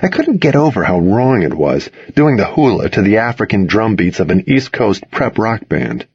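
An audiobook narrator with a low, husky voice reads a first-person story with wry, measured delivery, very animated and his pitch ranging widely within each sentence. His tone is a little mellow, and the very dry, slightly muffled recording has no room sound.

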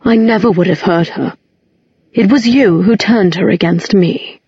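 Woman reader playing a cold threatening villain, languid delivery, husky voice, dull recording. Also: medium pitch, measured pace, dark tone, no room sound. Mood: menacing. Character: cold, menacing adult man, a villainous father.

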